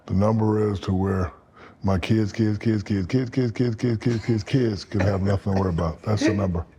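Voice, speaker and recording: A man in his fifties tells stories as a podcast guest, with a low, dark, husky voice. He is profane and animated, and he acts out the people he quotes. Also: moderate pace. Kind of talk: storytelling in casual interview.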